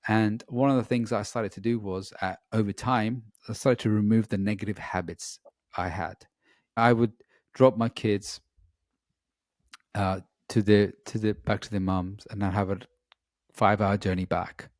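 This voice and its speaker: Male coach, slightly low voice, earnest and reflective interview storytelling, dry close recording. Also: steady tone, normal speed, no echo. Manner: earnest and reflective, with frequent "you know" fillers.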